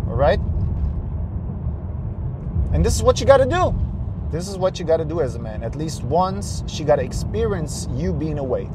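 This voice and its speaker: Brief: male vlogger, slightly high voice, cocky and profane, lectures viewers outdoors with faint traffic behind. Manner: profane, preachy, repeats himself for emphasis. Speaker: dating advice vlogger. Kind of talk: blunt advice monologue to camera.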